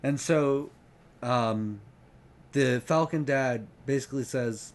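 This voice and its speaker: A man's voice: medium pitch, slow. A man giving a casual book retrospective, rambling and hesitant with many ums and restarts. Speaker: book reviewer.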